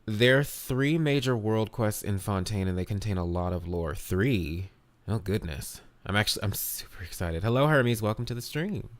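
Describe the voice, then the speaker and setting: A man's voice: fairly low pitch, moderate pace, no echo. A man streaming a video game live, chatting casually and upbeat, greeting viewers by name and swearing now and then.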